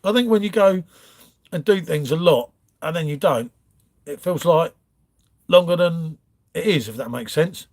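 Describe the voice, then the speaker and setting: A fairly high-voiced man chatting through a live stream from home, greeting viewers one by one with easy matey banter. He talks loosely and cheerfully, calling everyone mate and fella. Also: unhurried, pauses often, darkish tone. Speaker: livestream host reading viewer chat. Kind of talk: casual live chat. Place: home, pub-style setup.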